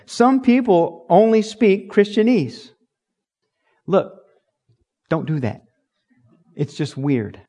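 Emphatic preaching man, fairly high voice. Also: very animated, slow, long pauses, mellow. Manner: emphatic, jokey, slips into mock voices. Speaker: pastor. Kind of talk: sermon.

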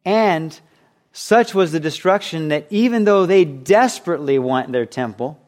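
A man preaching a sermon with a slightly higher-pitched voice. He talks in an animated way and acts out the voices he quotes. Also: a little slow. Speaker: pastor.

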